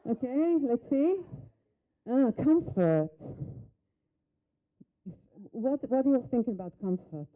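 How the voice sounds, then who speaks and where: Her pitch is fairly high and sing-song, her pace slow with long pauses, all captured in phone-quality sound. She is a workshop facilitator, a native Hebrew speaker, demonstrating live in a conference hall and coaching a volunteer with quick directions and questions.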